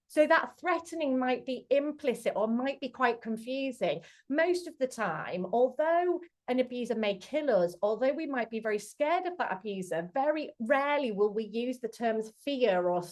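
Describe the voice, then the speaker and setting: A woman's voice: a little high, animated, normal speed, hardly any pauses. Earnest woman speaking on a webinar. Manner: earnest, acts out quoted dialogue with restarts. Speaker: charity chief executive speaking at a webinar. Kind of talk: talk on domestic abuse. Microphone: computer mic on a video call.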